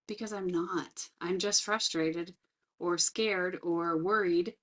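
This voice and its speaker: A middle-aged woman talks earnestly about her own experience while teaching resilience skills. Her voice sits at a middle pitch. She slows down deliberately to lean on the important words. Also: steady tone, a bit bright. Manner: reflective, earnest, slows down to stress key words. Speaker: resilience trainer. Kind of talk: personal talk with teaching.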